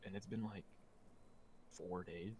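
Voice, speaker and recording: A man's voice: low voice, fairly even intonation, slow, darkish tone, a little hiss or hum, poor audio. A man chatting casually on a podcast, rambling with lots of fillers and restarts. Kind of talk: casual chat.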